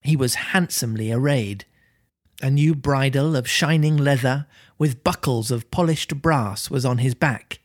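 A podcast host reading a children's classic aloud with expressive, lively delivery. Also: medium pitch, a little slow, dry recording, studio quality. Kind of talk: storybook reading with banter.

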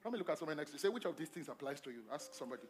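A male pastor preaching a sermon at a church service, emphatic and repetitive, swinging between loud calls to the congregation and quiet asides. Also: on the high side, lively intonation, racing. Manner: repeats phrases and asks the congregation questions.

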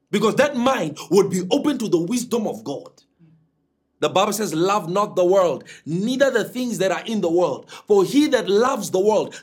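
A man preaching a sermon to a congregation with emphatic delivery and dramatic swings in pitch. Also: breathy edge.

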